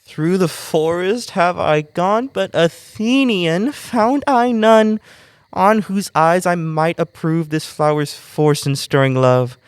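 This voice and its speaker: A man's voice: sits high, slow, smooth, no echo. An actor playing a mischievous male sprite in a college stage play, speaking in playful rhymes. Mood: impish.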